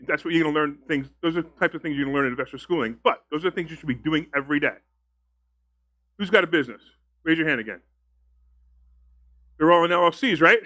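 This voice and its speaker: A man speaks to a live seminar crowd in a bright, forceful voice pitched a little above the usual. He tells his stories chattily, acts out both sides of each conversation, and keeps turning to the room with questions. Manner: chatty, asks the audience questions. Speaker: real estate investing instructor. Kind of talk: live seminar talk to an audience.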